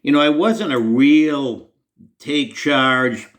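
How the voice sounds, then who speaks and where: A man's voice: medium pitch, slow, a bit bright. Earnest man telling a faith story. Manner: earnest, conversational, self-deprecating. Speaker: Christian storyteller. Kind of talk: personal inspirational story told to camera.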